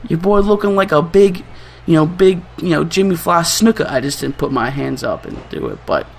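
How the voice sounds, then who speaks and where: A young man hosting a gaming channel, giving excitable, trash-talking gameplay commentary and laughing often. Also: a little high, moderate pace, gravelly.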